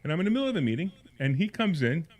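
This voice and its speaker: A man's voice: fairly high pitch, very animated, racing, darkish tone. A man hosting a radio call-in show, telling a long rambling personal story and getting more heated and indignant as he goes. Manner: rambling anecdote, repeats words and restarts; grows heated and indignant as he tells it. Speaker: radio talk show host.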